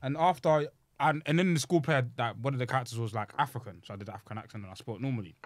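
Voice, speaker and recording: A young Englishman co-hosting a podcast, telling a story in a lively, animated way. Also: medium pitch, racing, no echo. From England. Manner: lively storyteller, rising to exasperation. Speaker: podcast co-host. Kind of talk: casual podcast chat.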